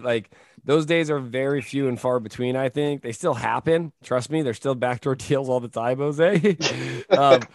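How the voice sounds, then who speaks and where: Man, podcast host, energetic, filler-heavy, mid-pitched, dry close sound. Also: no room sound. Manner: energetic, talks fast with many fillers and rhetorical "right?". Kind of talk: casual industry podcast chat.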